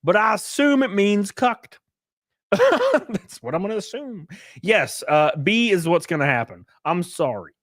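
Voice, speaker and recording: A man's voice: sits high, unhurried, no room sound, clean studio sound. A young man hosting a livestream, ranting crudely and mockingly in casual commentary. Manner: crude, mocking, animated rants with laughs. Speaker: streamer host.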